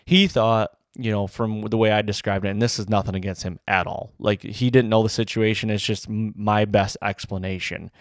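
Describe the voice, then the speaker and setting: Low-voiced man telling a hunting story. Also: normal speed, few pauses, no echo, studio quality. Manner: rambling, excited, full of "like" and "you know". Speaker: bowhunter. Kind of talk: casual storytelling to camera.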